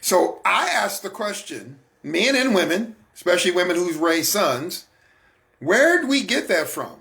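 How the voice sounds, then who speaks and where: A man's voice: high-pitched, sing-song, a little slow, gravelly, pushed and bright. A man hosting a faith talk broadcast, speaking casually to his audience, with rhetorical questions and frequent restarts. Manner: repeats and restarts words. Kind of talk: casual spoken monologue.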